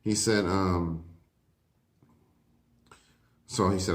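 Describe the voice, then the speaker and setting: A man's voice: deep voice, fairly even intonation. A man in casual commentary, breaking down rap lyrics in a laid-back way and often saying "you know what I mean.". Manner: reads lyric lines aloud slowly.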